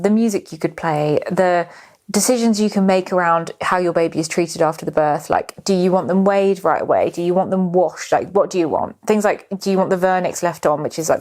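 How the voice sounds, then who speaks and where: A woman's voice: deep voice, a little mellow. A young woman from the United Kingdom hosting a podcast, telling a personal story in a candid, chatty way, swearing freely and filling with "like". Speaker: podcast host. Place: indoors, filming herself.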